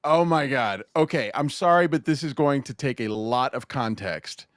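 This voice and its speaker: A man hosting a podcast, telling a story in an animated, swearing, laughing style of casual chat. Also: medium pitch, moderate pace, no room sound, clean studio sound. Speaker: podcast host.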